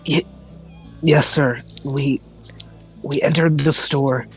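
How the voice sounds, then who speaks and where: A man's voice: on the high side, fairly even intonation, slow. A man playing a tabletop role-playing game, talking in character with a stammering, hesitant delivery, with faint music behind him. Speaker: tabletop player.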